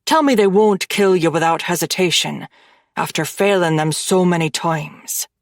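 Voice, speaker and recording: Woman voicing a calm, menacing mafia man. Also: on the low side, normal speed, no echo, clean studio sound, pitched below the performer's own voice, lightly acted. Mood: coldly persuasive. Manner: calm, conversational, quietly threatening.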